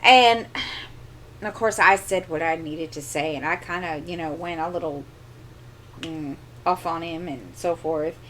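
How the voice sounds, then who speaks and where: Rambling middle-aged woman, lowish voice. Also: unhurried, a bit bright, slight background noise. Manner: rambling, exasperated storytelling with many asides. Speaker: crafting channel host. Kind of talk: casual chat. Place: home craft corner. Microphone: desk microphone.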